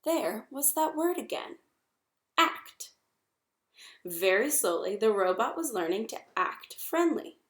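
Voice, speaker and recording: A woman reading a children's novel aloud in an expressive, measured way. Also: fairly high pitch. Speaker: reader. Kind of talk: storybook read-aloud. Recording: echoey room.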